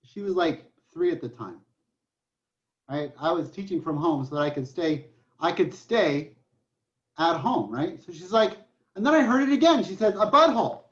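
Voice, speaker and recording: A math professor with a high voice gives an online class lecture, joking and telling stories while working through problems, chatty and prone to restarts. He speaks expressively at a moderate pace. His computer mic on a video call makes the audio dull and lo-fi.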